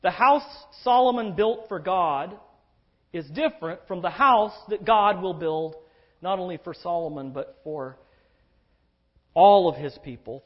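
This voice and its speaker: A man preaching an expository sermon, emphatic and animated, drawing out key words for stress. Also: sits high. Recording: dull lo-fi recording.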